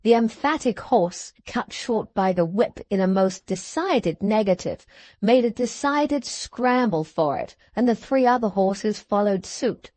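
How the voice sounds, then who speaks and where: A woman reading a classic novel aloud as an audiobook narrator, in measured storytelling. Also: medium pitch, animated, dark tone, no echo. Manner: measured storytelling, voicing the characters.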